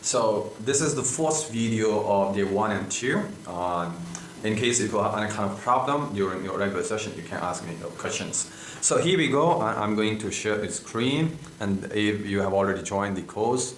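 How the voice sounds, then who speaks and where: A man's voice: lowish voice, expressive, normal speed, slight background noise. A man teaching a spoken lesson, repeating phrases and filling gaps with "you know". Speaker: English teacher. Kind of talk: online spoken English lesson. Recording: echoey room.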